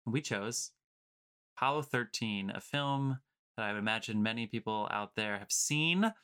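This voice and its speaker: A man's voice: on the low side, normal speed, pushed and bright, smooth. A man hosting a casual movie podcast over a video call, emphatic and swearing freely, with showman-style segment intros. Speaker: podcast host.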